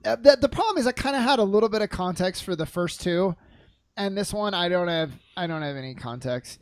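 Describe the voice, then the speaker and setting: Young guy podcasting, bouncy pitch, stammery and laughy, dry close mic. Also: a little fast, dry recording. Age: young adult. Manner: animated, laughs often, stammers on restarts. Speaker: podcast co-host. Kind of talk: casual chat.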